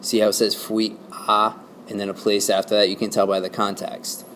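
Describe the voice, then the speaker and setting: A man's voice: fairly low pitch, little pitch movement, a little fast, a bit bright, slight background noise. A man teaching a Spanish lesson to his class, explaining patiently and checking in with "okay?" and "right?".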